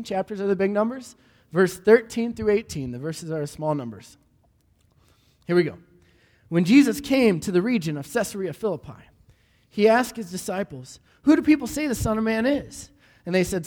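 A man preaching a sermon, animated and asking the room repeated questions, often stumbling over restarts. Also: high voice. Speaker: pastor. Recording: hall reverb.

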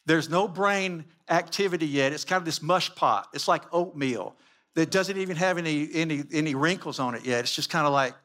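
A man's voice: fairly high pitch, brisk, sharp tone. Preacher man with rhetorical questions. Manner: emphatic, piles up rhetorical questions. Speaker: Christian teacher. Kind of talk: sermon-style teaching with slides.

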